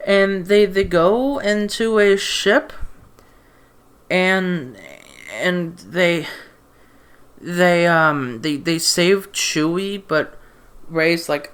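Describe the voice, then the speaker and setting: A man's voice: high-pitched, extremely slow, pauses often, fairly bright tone, smooth. A man ranting about a movie in a casual, rambling way, stammering through restarts and sounding exasperated and sarcastic. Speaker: movie reviewer. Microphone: desk mic.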